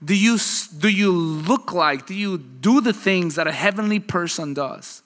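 A man preaching a sermon in a conversational, animated way, often trading lines with his congregation. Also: sits high, unhurried. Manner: conversational, animated preaching with audience back-and-forth. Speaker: pastor. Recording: long hall reverb.

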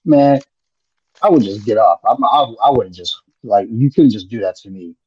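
A man's voice: on the low side, expressive, moderate pace, mellow, husky, dry recording. A man in laid-back, rambling casual chat on a podcast, swearing freely. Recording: muffled lo-fi audio.

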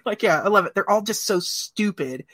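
A man's voice: sits high, animated, normal speed, pushed and bright. A man co-hosting a podcast, chatting casually about a film, rambling with many fillers and frequent laughter. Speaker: podcast co-host.

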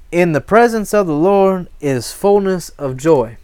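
Male pastor, sermon delivery, unhurried and emphatic, fairly high voice. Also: lively intonation, darkish tone, smooth. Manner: emphatic, call-and-response questions.

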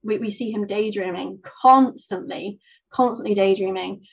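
A young woman co-hosting a film podcast, chatting in an animated way with lots of fillers and laughs. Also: medium pitch, moderate pace, vocal fry, husky. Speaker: podcast co-host. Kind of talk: casual chat. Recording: slightly dull lo-fi audio.

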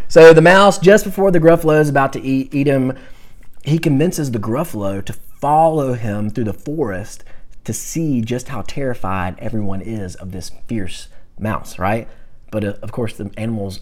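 A medium-pitched man runs an animated, conversational Bible class, going back and forth with his students as he teaches.

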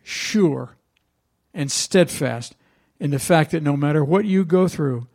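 Gravelly storytelling preacher man. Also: fairly high pitch, takes it slowly, a little mellow. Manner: conversational storytelling preacher, asks the congregation questions. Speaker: pastor. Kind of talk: sermon.

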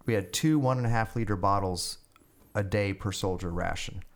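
Low-voiced man telling war stories. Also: normal speed. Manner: rambling, animated storytelling with many fillers and restarts. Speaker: guest musician and army veteran. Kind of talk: casual storytelling interview.

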